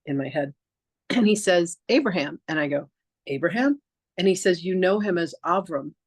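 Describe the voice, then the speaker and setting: A woman's voice: lowish voice, lively intonation, normal speed, husky, no echo. A woman podcast host and reverend telling a personal story in casual chat, acting out the dialogue with lots of "like" and restarts. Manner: chatty, peppered with "like" and restarts.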